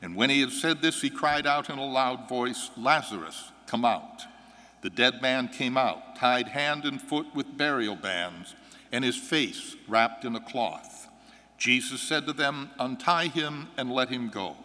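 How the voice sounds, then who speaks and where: A man serving as priest, reading the gospel and preaching a homily with a measured, earnest delivery. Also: medium pitch, animated, pushed and bright. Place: church. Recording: long church reverb.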